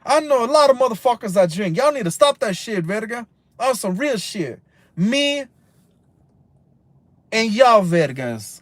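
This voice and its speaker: A man's voice: sits high, big pitch swings, unhurried, pauses often, no echo. A man of about thirty, ranting casually on a live stream from inside a car, heated and profane, rambling and mixing in Spanish slang. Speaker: livestream host.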